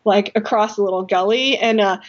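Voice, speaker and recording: A woman telling a climbing story in casual chat, animated and laughing often. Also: medium pitch, fairly quick. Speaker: podcast guest or co-host, rock climber. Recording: dull, lo-fi podcast audio.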